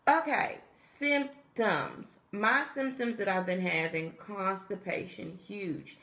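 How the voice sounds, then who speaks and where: A woman's voice: medium pitch, takes it slowly, bright, forceful tone. Tired woman chatting to her viewers, acts out what folks said, roomy echo. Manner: chatty, talks straight to viewers, acts out quotes. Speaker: pregnancy vlogger. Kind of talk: casual chat to camera.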